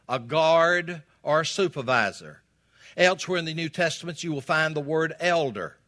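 A man's voice: on the high side, bright, forceful tone. A man preaching a sermon as the pastor of a Baptist church, folksy and emphatic, speaking to a congregation in a church. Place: church sanctuary.

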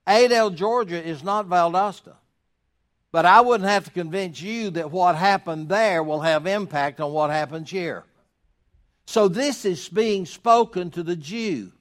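A man's voice: high-pitched, measured pace. A man preaching a sermon to his congregation, folksy and emphatic, with sarcastic asides. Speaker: pastor.

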